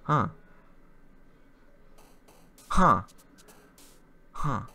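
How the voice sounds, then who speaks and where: A man streaming a game live, reacting loudly with a lot of swearing and nervous outbursts. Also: medium pitch, sing-song, drawn-out words. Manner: loud, profane, jumpy reactions. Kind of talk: live gameplay commentary.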